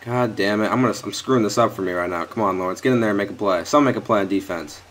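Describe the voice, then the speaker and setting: A young man, a gaming YouTuber, commentates very fast on his own football game, cursing his players in frustration. His lowish voice has a fairly bright tone. He's near a headset or desk mic, with slight background noise.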